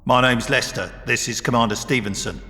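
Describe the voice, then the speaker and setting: A man's voice: medium pitch, steady tone, a little fast, pushed and bright, no echo, studio quality. Man doing a plain dutiful officer. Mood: subdued.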